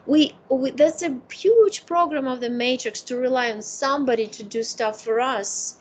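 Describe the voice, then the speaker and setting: A woman's voice: high-pitched, moderate pace, breathy edge, poor audio. A woman psychic consultant in a casual consultation, giving emphatic advice. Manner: emphatic, advising.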